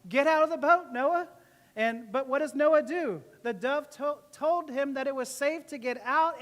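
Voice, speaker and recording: Give me a pastor in mid-range pitch delivering a relaxed, joking sermon in a reverberant hall. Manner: conversational, joking, laughs often. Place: church service.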